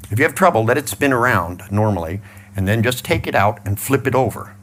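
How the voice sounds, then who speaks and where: Guy with a lowish voice coaching a crowd through a head exercise, swears a lot, keeps saying the same calm cues. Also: fairly quick, a little hiss or hum. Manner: blunt, profane, repeats soothing cues. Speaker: seminar trainer. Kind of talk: guided mental exercise before an audience.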